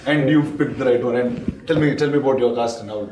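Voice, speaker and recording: Roomy, fast-talking Indian English host. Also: male voice, medium pitch, far from the mic. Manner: relaxed, mixes Telugu into English questions. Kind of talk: casual interview chat.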